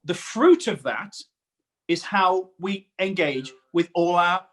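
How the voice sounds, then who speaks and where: A man's voice: high voice, expressive, takes it slowly. A man preaching a sermon in an earnest way, often repeating words for emphasis.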